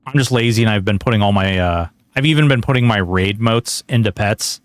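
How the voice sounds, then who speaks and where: A man's voice: fairly low pitch, a little fast, no room sound. A man streaming a game, chatting casually in a rambling, joking way and slipping into mock outrage. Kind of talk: casual gameplay commentary.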